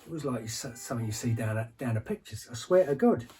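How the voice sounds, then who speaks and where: Husky ex-henchman yarning away in a radio drama, chatty, loose, all asides, a man playing him. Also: mid-range voice, animated, fast, mellow. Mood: wry. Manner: rambling, colloquial, winking asides to the listener. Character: aging ex-henchman, chatty barroom storyteller. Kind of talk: monologue in an audio drama.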